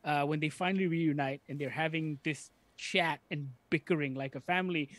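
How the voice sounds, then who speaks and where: A man's voice: fairly high pitch, a bit bright, no echo. A man co-hosting a film podcast, speaking in an earnest, thoughtful way. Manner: earnest, thoughtful, builds points slowly. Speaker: podcast co-host. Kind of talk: casual film discussion.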